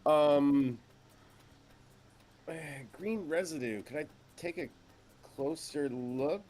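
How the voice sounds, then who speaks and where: A man's voice: a little high, takes it slowly, a little mellow. A man playing a tabletop game in a casual, joking way. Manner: joking, playful. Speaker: player.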